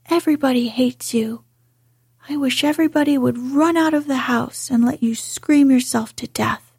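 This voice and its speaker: A woman's voice: sits high, darkish tone, breathy edge, no echo, full character voice. A woman voicing a fierce, bossy little girl scolding a sick boy, in whispered role-play. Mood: furious. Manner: commanding, stamping, scornful.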